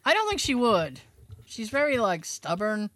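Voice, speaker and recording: A woman's voice: a little high, sing-song, normal speed, fairly bright tone, no echo. A woman co-hosting a podcast, telling a family story in casual chat, swearing now and then and laughing as she goes. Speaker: podcast co-host.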